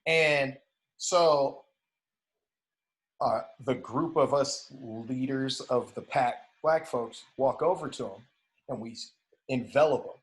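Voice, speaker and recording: A man's voice: mid-range voice, measured pace. A man in casual podcast conversation, telling a story and acting out the dialogue, swearing now and then. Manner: animated, acts out dialogue in retelling. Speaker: podcast guest.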